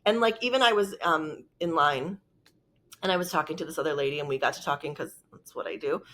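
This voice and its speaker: A woman's voice: deep voice, fairly quick, a bit bright. A woman vlogger telling a personal story in a rambling, emotional way with lots of filler words. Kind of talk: casual storytelling.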